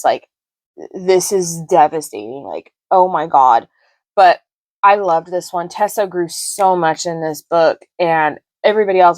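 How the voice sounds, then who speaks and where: A woman in her thirties gives a casual book review, gushing and talkative as she runs through her reading. Her voice sits a little on the low side. The sound is dry and close, with no room echo. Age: 30s. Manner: effusive and chatty, gushing about books. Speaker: book vlogger.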